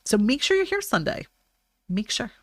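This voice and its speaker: A woman's voice: a little high, big pitch swings, normal speed, fairly bright tone, no echo. Young woman streamer just rambling along, lots of likes and restarts, dry close sound. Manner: rambling, chatty, full of fillers and restarts. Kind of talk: casual chat on a live stream.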